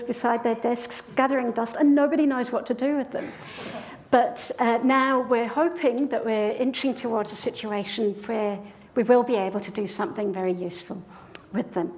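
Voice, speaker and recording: Lady prof giving a lecture in a hall, kinda high voice, really keen, walks through it step by step. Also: darkish tone. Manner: enthusiastic, explanatory. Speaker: statistics professor giving a lecture. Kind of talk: public lecture.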